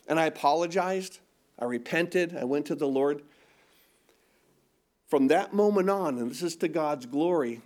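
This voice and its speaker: A man's voice: on the high side, darkish tone. A middle-aged male pastor preaching a sermon, asking rhetorical questions and repeating words for emphasis.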